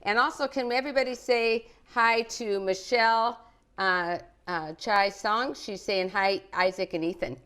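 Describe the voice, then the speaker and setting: A woman's voice: mid-range voice, measured pace, a bit bright, clear, resonant tone. Cheerful chatty lady hosting a live cooking show, talking to kids and viewers. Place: living room at home.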